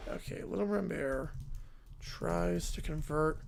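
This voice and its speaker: A man's voice: fairly high pitch, slow pace, creaky, a little hiss or hum. A man hosting a live stream who makes amused, rambling asides. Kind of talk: casual live-stream commentary.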